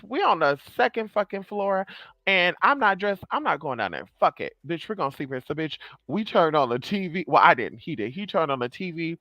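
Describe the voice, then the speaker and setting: Animated young male storyteller, bright and slightly high, dry close-mic sound, dramatic and profane. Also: normal speed, dry recording. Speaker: vlogger. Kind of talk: casual storytelling.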